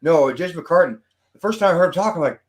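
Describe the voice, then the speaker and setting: A man's voice: fairly high pitch, expressive, fast talker. A man co-hosting a casual chat, talking in long earnest rambles with many fillers. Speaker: podcast co-host.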